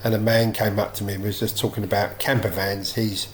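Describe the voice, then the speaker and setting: A man's voice: fairly low pitch, flat delivery, fairly quick. A man narrating his van conversion in a casual vlog, practical and dryly teasing. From England. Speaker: van build vlogger. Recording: background noise.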